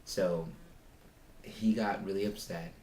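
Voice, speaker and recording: A man's voice: low-pitched, steady tone, takes it slowly, a little mellow, echoey room, a little hiss or hum. A man recording a casual vlog about being a foster parent, rambling as he retells a conversation and voices both sides of it.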